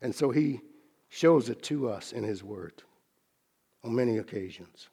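A man preaching a sermon, teaching from scripture in a measured, earnest way and slowing down to stress key phrases. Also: mid-range voice, animated, warm tone, slightly rough.

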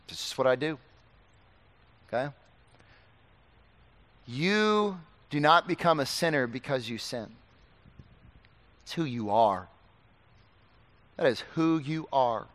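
Preacher, male, impassioned sermon delivery, smooth resonant voice, somewhat high, long hall reverb. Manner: impassioned, swings from loud urgent pleading to quiet earnest warning.

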